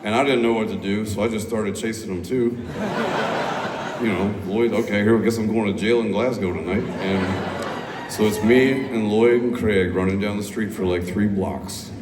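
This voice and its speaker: Laid-back musician spinning a rambling, cursing yarn from the stage; caught on an audience phone with long hall reverb. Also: male voice, low-pitched. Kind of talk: onstage storytelling between songs. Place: large concert hall indoors. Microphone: stage PA recorded by audience phone. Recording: echoey hall, crowd noise, far off.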